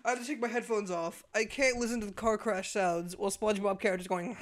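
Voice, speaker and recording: A man giving casual, excitable gameplay commentary, often breaking into laughter and shouting at the game. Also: high-pitched, fast talker. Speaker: gaming video creator. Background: game music.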